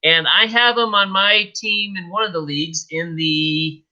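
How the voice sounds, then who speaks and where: A man's voice: high-pitched, measured pace, bright, forceful tone. A man co-hosting a casual fantasy sports podcast, playful and self-mocking, laughing often, over a lo-fi internet connection. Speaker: podcast co-host. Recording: dull lo-fi internet audio.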